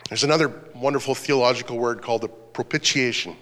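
A man's voice: medium pitch, fast talker, a bit bright, in a large hall. A man preaching a sermon as pastor, earnest, reading scripture aloud.

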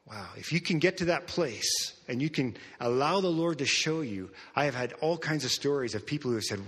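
An earnest male pastor preaches, moving between hushed passages and raised, emphatic ones. His voice is bright and forceful with a husky edge. He is heard in a church with a long, ringing reverb. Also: medium pitch, expressive, fairly quick. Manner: earnest, repeats words, swings from soft to loud. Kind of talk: sermon storytelling.

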